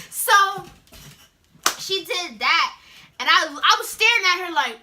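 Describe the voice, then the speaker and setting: A teenage girl telling a story in a casual, animated way, acting out the scenes with sound effects. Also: very high-pitched, measured pace, background noise. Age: teens. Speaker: vlogger.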